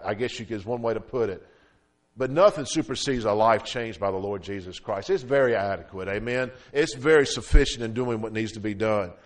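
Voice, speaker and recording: A man preaching a sermon as pastor, calling out amen and swinging between loud emphatic peaks and low quiet drops. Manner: preaching with frequent "amen" calls and fillers.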